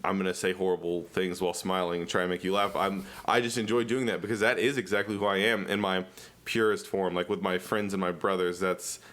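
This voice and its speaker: A man's voice: low voice, fairly quick. A young man, a stand-up comedian, chatting casually as a podcast guest and acting out the voices in his stories. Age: young adult. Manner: animated storyteller, acts out quotes.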